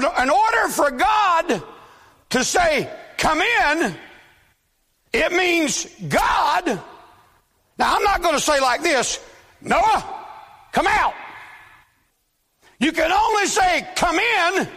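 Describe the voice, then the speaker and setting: A married man preaching a sermon to a church, often shouting with emphasis. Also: very high-pitched. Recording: long reverb of a hall.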